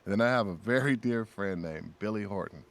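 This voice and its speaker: A man guesting on a casual podcast, telling lively stories and acting out what his friends said. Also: fairly low pitch, fairly quick, creaky. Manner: animated storyteller who acts out friends' lines. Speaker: guest voice actor.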